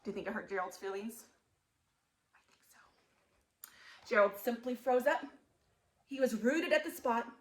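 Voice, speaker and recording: A woman museum storyteller reading a picture book aloud to children, animated and asking them questions. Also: on the high side, normal speed, long pauses, rough recording.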